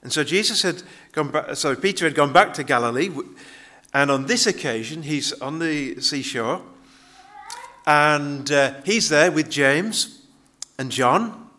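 A man's voice: on the high side, expressive, unhurried, pushed and bright. A male pastor giving a conversational sermon, often restarting his phrases as he explains a Bible passage.

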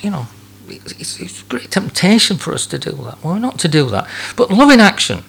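A man preaching a sermon in a halting way, repeating words and chuckling between points. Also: high-pitched, very animated, gravelly, slightly rough.

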